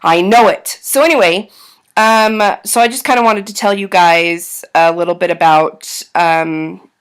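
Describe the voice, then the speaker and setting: A woman's voice: lowish voice, measured pace, clean tone. A woman in her thirties talking candidly to camera in a casual vlog, self-deprecating and full of ums. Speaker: vlogger.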